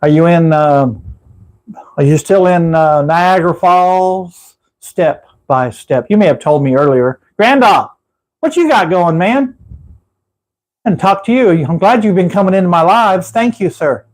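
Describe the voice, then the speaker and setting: Chatty Texan guy, high voice, rambling livestream host talking from his room. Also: animated, unhurried, poor audio. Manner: rambling, chatty, laughs at his own stories. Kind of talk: casual live chat with viewers.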